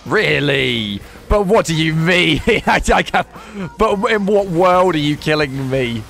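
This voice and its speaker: A man's voice: fairly high pitch, lively intonation, takes it slowly, creaky, a bit bright, faint music behind. A young man streaming a video game, commentating casually, swearing and laughing as he talks to chat and teammates.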